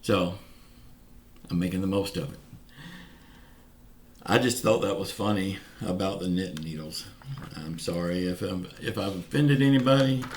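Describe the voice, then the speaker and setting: Over slight background noise, a Southern-accented man from Pensacola, Florida, talks straight to the camera in a casual update for his channel. His voice sits low and steady, his pace measured with frequent pauses; he's folksy and earnest, keeps saying "y'all," and slurs some words.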